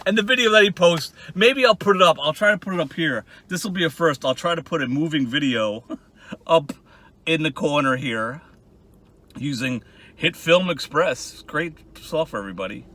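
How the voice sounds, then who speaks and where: Sarcastic, cursing guy with a bright voice. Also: on the high side, expressive, normal speed, no echo. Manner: profane, sarcastic, rambling. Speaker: channel host. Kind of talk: casual ranting commentary.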